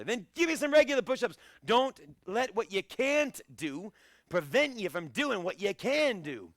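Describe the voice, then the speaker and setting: A man coaching a live online karate fitness class, shouting encouragement and countdowns and joking between sets over a video call. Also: high-pitched, big pitch swings, moderate pace, no room sound, clean studio sound. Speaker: karate instructor.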